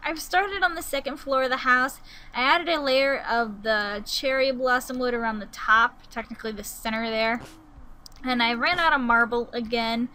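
A young woman giving casual gameplay commentary, musing aloud as she builds and breaking into sudden excited outbursts. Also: fairly high pitch, normal speed, background noise. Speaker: Let's Play gamer.

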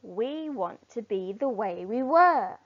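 A woman's voice: on the high side, lively intonation, slow. A woman voicing a group of indignant jungle animals in a storybook, demanding and complaining. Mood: sulky. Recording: dull lo-fi recording.

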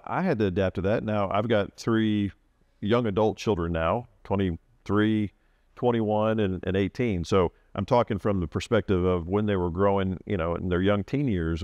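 A man's voice: on the low side, darkish tone, no echo. A middle-aged man co-hosting a podcast, reflecting thoughtfully and thinking aloud with fillers like "sort of" and "you know.". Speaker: co-host. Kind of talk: casual podcast talk.

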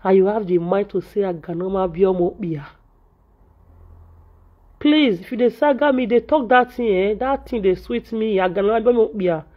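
A woman's voice: medium pitch, moderate pace. A Nigerian woman vlogger, venting in Pidgin English and scolding repetitively in an indignant tone. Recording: dull lo-fi audio.

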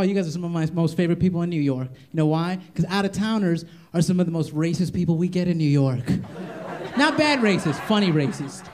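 A young man doing a stand-up comedy set in a club, brashly teasing the audience and acting out characters. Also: a little high. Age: young adult. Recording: live club audio with crowd laughter. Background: audience laughing.

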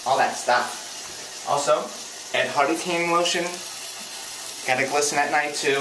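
A woman talking to camera in a comedic vlog, campy and playful, her voice swooping up high for jokes. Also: moderate pace. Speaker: vlogger. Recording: echoey room, distant mic, faint hiss.

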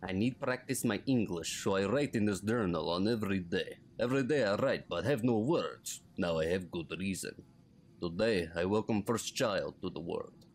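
A man's voice: sits low, moderate pace. A man voicing an older male islander who reads his journal aloud in a Russian accent and broken English. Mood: earnest.

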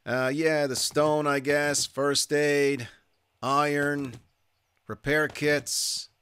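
Male game commentator, dry self-mocking humor, bright tone. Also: on the high side, flat delivery, very slow, clean tone. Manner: wry, self-mocking, mutters to himself. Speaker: gaming YouTuber. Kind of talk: casual let's-play commentary.

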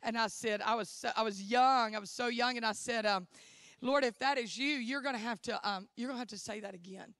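Woman preacher, high-pitched, fervent church testimony. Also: a little fast, fairly bright tone, dry recording. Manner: fervent, exclaiming hallelujah and amen. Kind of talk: sermon testimony.

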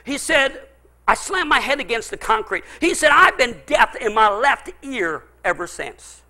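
A middle-aged man preaching a sermon in a high, strikingly bright voice. He tells his stories with a lot of up and down in his pitch, shouting out the big moments and sinking low and intense in between. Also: expressive, measured pace. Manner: storytelling preacher, swings from loud exclaiming to low intensity. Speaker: pastor.

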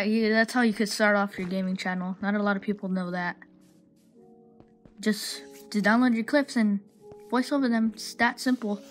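This channel host narrates her own gameplay footage, wandering off on tangents, cursing, and mocking opponents. Her pitch sits in the middle, the recording is poor, and loud game music runs underneath.

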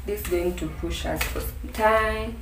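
A Kenyan woman casually narrating a home vlog, relaxed and full of "yeah, so" fillers. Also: medium pitch, unhurried, heavy background noise. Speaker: vlogger. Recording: echoey room, distant mic, faint music.

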